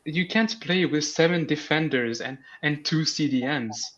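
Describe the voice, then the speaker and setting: Man, co-host, slightly high voice, dull lo-fi sound, hesitant critical analysis. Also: unhurried, crowd noise. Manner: hesitant, many fillers, critical. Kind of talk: fan show analysis.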